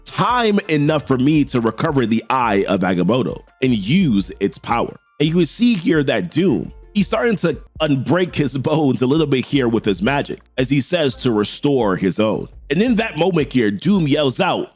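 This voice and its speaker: A man's voice: medium pitch, sing-song, moderate pace, hardly any pauses, faint music behind. A man narrating a comic story recap in a chatty, casual way, often saying "he's like". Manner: chatty, repeats "here" and "he's like", addresses viewers as guys.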